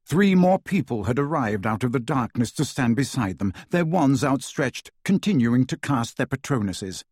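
Expressive male audiobook narrator, husky voice, dry close recording; lively storytelling delivery. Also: medium pitch, moderate pace, no room sound. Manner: dramatic, varied pacing.

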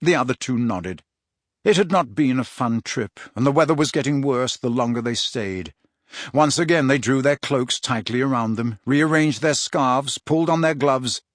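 A man narrating an audiobook in an expressive storytelling style on a close studio mic. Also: mid-range voice, no room sound. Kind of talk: scripted narration.

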